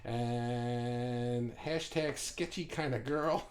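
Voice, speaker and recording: Man, livestream host, casual rambling chat, lots of fillers, middle pitch, desk mic. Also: fairly even intonation, drawn-out words. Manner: rambling, chatty, with many fillers and restarts. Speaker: host of an online art group livestream.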